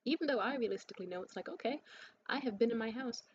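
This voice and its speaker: A woman's voice: fairly high pitch, very fast. A woman talking to camera in a blunt, profane and sarcastic rant. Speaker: vlogger. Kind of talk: ranting monologue to camera. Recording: slightly muffled with faint hiss.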